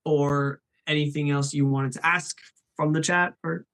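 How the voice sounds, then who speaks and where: A man's voice: on the high side, steady tone, measured pace, a bit bright. A man hosting a live stream, chatting in an upbeat way and reading names from the chat.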